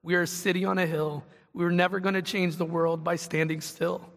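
A man's voice: sits high, little pitch movement, fairly quick, big-room sound. A man preaching a sermon as pastor, earnest and conversational, building to passionate emphasis.

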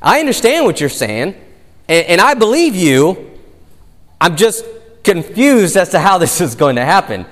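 A man's voice: high-pitched, big pitch swings, unhurried, a bit bright, in a large hall, pitched above the performer's own voice, heavily acted. A man voicing an innocent young woman, earnest and confused, who hesitates and repeats herself. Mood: puzzled.

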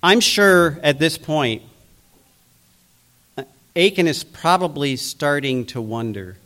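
A man's voice: a little high, lively intonation, unhurried, fairly bright tone. A man preaching a sermon, acting out biblical figures' voices as he goes. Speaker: pastor.

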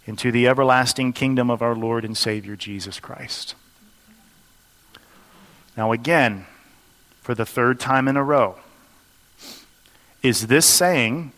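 A man's voice: medium pitch, fairly bright tone, long reverb tail. A man preaching an expository sermon, explaining a passage earnestly and posing rhetorical questions to the congregation. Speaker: pastor.

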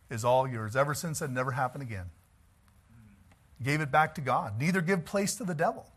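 A male pastor preaching a sermon, telling stories in an animated way and chuckling as he goes. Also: mid-range voice.

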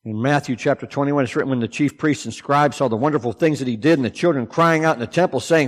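A man preaching a sermon, swinging between loud, emphatic declarations and low, hushed asides. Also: fast, few pauses, big-room sound.

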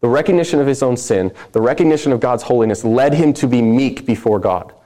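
A man's voice: mid-range voice, fast talker, dark tone. A man preaching a sermon, reading scripture aloud with earnest emphasis.

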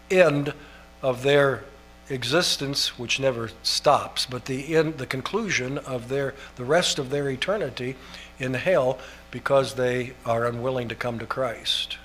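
A pastor preaching a sermon in an earnest way, building up to emphatic, almost shouted passages. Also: male voice, mid-range voice, measured pace, slight background noise.

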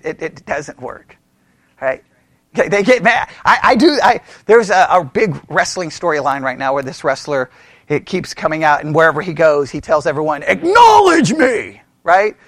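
A man leading a Bible study, animated, laughing often and asking the group rhetorical questions. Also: on the high side, normal speed, no room sound.

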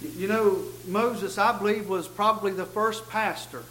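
A man's voice: sits high, fairly even intonation, normal speed, fairly bright tone, roomy sound, slight background noise, low-quality recording. A middle-aged man preaching a sermon in a church, with folksy emphasis and frequent stammered restarts. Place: church sanctuary.

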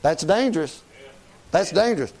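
A man's voice: on the high side, animated, normal speed, darkish tone. A man preaching a sermon in a folksy, conversational way, often asking "Amen?".

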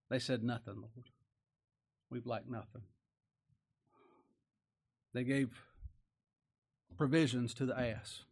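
A man's voice: medium pitch, fairly even intonation, takes it slowly, creaky, long pauses, darkish tone, breathy edge. A man preaching a folksy sermon, often asking rhetorical tag questions and chuckling.

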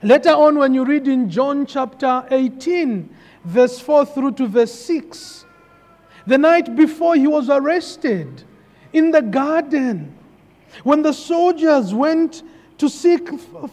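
A man's voice: very high-pitched, darkish tone. A man preaching a sermon, emphatic and repeating key phrases for weight. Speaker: pastor. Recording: long hall reverb.

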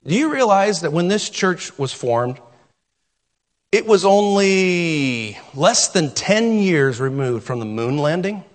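A man's voice: sits high, very animated, slow. A middle-aged male pastor preaching a sermon, emphatic and repeating key phrases for weight. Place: church sanctuary. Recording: long reverb of a church hall.

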